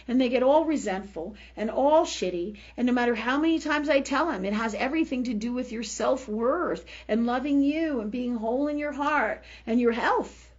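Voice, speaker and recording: High, husky woman with blunt talk. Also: a little fast, hardly any pauses, a little mellow, lo-fi sound. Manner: blunt and profane, laughs often; chanting repetitive healing prayers. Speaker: spiritual health show host. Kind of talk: candid spiritual talk on a live show.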